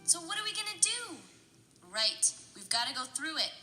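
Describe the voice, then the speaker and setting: High-voiced lady leading a kids storytime chant, animated and coaxing, music in the background. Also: normal speed. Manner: animated, sing-song, coaxing a young audience. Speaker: children's librarian. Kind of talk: interactive children's storytime chant.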